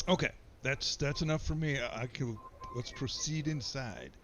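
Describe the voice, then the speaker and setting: Gravelly-voiced joking male player. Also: mid-range voice, normal speed, a bit bright, slight background noise. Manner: joking, with hesitant fillers. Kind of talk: casual tabletop game chat.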